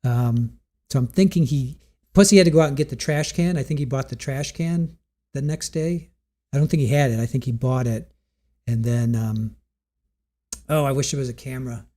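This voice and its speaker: A man hosts a live stream in a mid-range voice at normal speed. He chats casually and reads viewer comments aloud, rambling and thinking out loud with frequent restarts.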